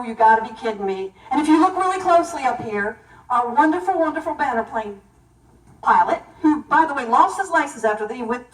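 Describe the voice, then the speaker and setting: A middle-aged woman tells stories to a banquet crowd in an animated, emphatic way. Her voice sits high. The room mic is set back, so her words bounce around a roomy hall. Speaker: keynote banquet speaker. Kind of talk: storytelling speech to an audience. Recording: echoey hall, voice from far off.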